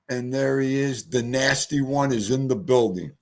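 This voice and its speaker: Animated, wisecracking male livestream host. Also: medium pitch, brisk, gravelly, few pauses, breathy edge. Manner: loud, joking banter with swearing; mock-exasperated rants. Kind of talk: casual livestream chat.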